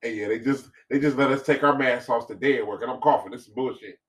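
A man co-hosting a casual podcast with his wife, talking loudly and bluntly and swearing freely. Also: mid-range voice, quick pace, recorded from a distance. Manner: loud, profane, animated talker. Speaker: co-host. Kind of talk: casual couple's podcast chat.

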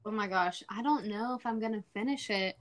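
An excitable young woman in her twenties co-hosting a podcast. She chats casually and keeps breaking in with exclamations. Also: medium pitch, fairly quick. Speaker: podcast co-host. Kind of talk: casual chat.

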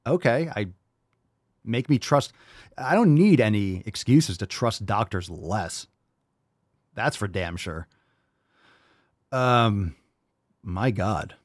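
Man, podcast host, sarcastic commentary, very animated pitch, dry close-miked sound. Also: takes it slowly, pauses often, dry recording. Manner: mocking, sarcastic, profane, swings from loud outbursts to muttering. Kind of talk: sarcastic commentary reacting to a read-out article.

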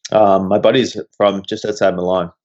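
A young man with a lowish voice tells animated, expletive-laced stories as a podcast guest. The sound is dull and lo-fi, with the top end muffled. His delivery is loose and conversational. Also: moderate pace. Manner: swears freely, animated anecdotes. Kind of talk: casual storytelling chat. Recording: dull lo-fi recording.

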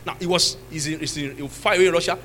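A man with a Nigerian accent preaching a sermon as pastor, now and then shouting and laughing with the congregation. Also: on the high side, fairly even intonation, fast, a little hiss or hum, rough recording.

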